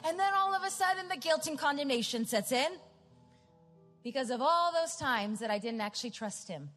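High-voiced woman preaching in a hall. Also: expressive, normal speed, fairly bright tone. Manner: storytelling, chatty asides, rising to emphatic. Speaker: pastor. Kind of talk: sermon. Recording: large hall with reverb, faint music.

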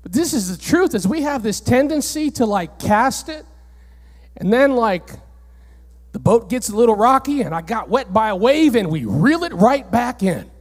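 A male pastor preaching a sermon in a church, animated and rising to near-shouts on key points. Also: very high voice, moderate pace. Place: church sanctuary, on stage. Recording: church hall reverb.

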